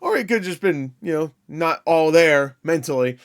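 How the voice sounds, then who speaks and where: A man's voice: fairly high pitch, normal speed, smooth. A man hosting a casual movie reaction, rambling, swearing freely and laughing at his own asides.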